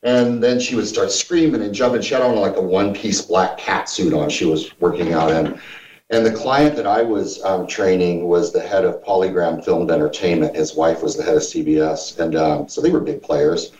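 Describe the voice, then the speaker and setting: A man's voice: sits low, normal speed, a little hiss or hum. Blunt man from Missouri, distant roomy mic. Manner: blunt, profane anecdotes with lively shifts. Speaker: former gym owner and trainer, guest. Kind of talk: casual storytelling. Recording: roomy, distant, dull sound.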